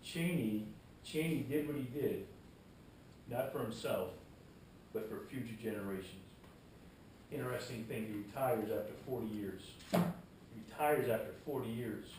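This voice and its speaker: A man's voice: moderate pace, pauses often. Man giving a rambling talk in an echoey room. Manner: rambling, repeats words, folksy asides. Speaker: guest speaker at a historical society. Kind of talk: informal public talk. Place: meeting room. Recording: echoey room, mic far off, faint rumble.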